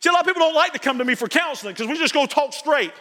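High, bright-voiced preacher man in a church. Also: expressive, very fast, in a large hall. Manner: folksy, repeats phrases, rises to shouting. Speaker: pastor. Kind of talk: sermon. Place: church sanctuary.

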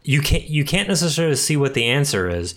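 A man's voice: fairly high pitch, big pitch swings, quick pace, a bit bright. A man co-hosting a podcast, talking in a reflective, articulate way. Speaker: podcast co-host. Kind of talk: casual conversation.

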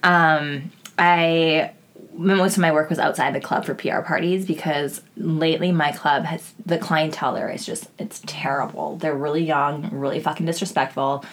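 A young woman with a low, deep-set voice chats casually on a podcast. She rambles through her stories, filling them with "like" and plenty of swearing. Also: fairly even intonation, normal speed, a bit bright. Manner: chatty storytelling, frequent swearing and "like" fillers. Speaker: podcast co-host. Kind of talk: casual chat.

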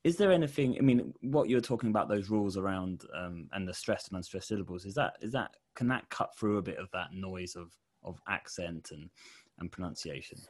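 A middle-aged man with a Portsmouth accent interviews a guest in a relaxed conversational way. His voice sits low, and he circles his questions with restarts and self-corrections. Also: brisk.

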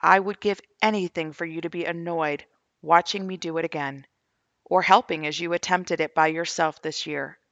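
A middle-aged woman reads her journal entries aloud with earnest, searching sincerity. Her voice is gravelly with plenty of fry, and the recording is dry and close with no room sound. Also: lowish voice, steady tone, normal speed, a bit bright, dry recording, dull audio. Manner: earnest, questioning, heartfelt. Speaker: grieving mother sharing her faith testimony. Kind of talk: reading her own journal posts aloud.

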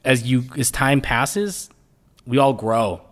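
A man's voice: medium pitch, expressive, slow, a bit bright. A man hosting a casual podcast chat, joking and mocking himself as he leads the talk. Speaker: podcast host.

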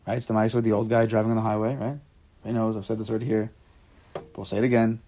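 A man leading an informal Torah class, animated and acting out quotes with sudden loud jumps in his voice. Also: lowish voice, rapid-fire, a little hiss or hum.

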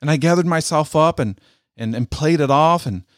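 A middle-aged man, a military veteran, telling a personal story in an earnest, halting way and often repeating his words. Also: fairly high pitch, dry recording, studio quality.

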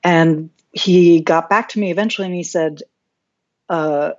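A woman's voice: fairly low pitch, fairly even intonation, measured pace, a little mellow, dull audio. A woman guest telling a candid personal story, open and reflective, often restarting her sentences. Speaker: podcast guest.

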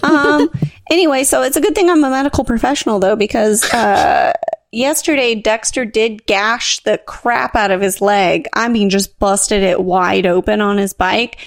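A woman in her thirties co-hosting a podcast, telling an animated, self-mocking story in casual chat. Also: mid-range voice, moderate pace, dry recording. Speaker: podcast co-host.

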